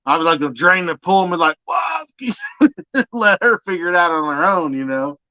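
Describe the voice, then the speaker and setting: A man chatting casually as a guest on a live stream, easygoing and quick to laugh. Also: a little high, pushed and bright, clear, resonant tone, no echo. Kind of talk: casual chat. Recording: dry, dull lo-fi audio.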